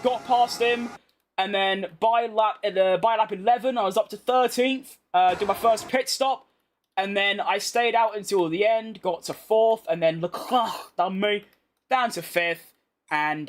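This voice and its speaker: A man's voice: sits high, slight background noise. A young British man chatting casually over racing game footage, bluntly answering viewer comments with slangy banter. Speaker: gaming YouTuber. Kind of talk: casual gameplay commentary reading chat.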